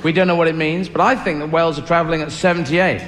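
A man's voice: on the high side, steady tone, quick pace, slight background noise. A male stand-up comedian rambling playfully and slipping into silly voices, recorded live with an audience. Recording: live stage recording, echoey hall, loud audience. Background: audience laughter.

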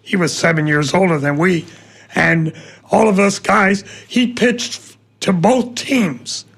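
A man from Tampa telling an animated story as a radio host in a studio. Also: sits high, slow, gravelly, husky. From Tampa, Florida. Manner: animated storyteller acting out the voices.

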